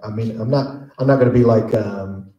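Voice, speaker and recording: A man's voice: fairly low pitch, moderate pace, lo-fi sound. A man in his fifties from Texas, telling stories and joking as a voice actor answering questions at a convention panel. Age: 50s. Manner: animated joking storyteller. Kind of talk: casual convention Q&A. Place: large convention panel room. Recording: echoey convention hall.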